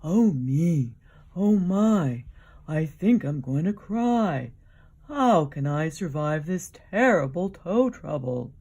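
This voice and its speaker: A woman voicing a whiny young male iguanodon with a sore foot, wailing loudly. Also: low voice, lively intonation, slow pace, husky, exaggerated voice.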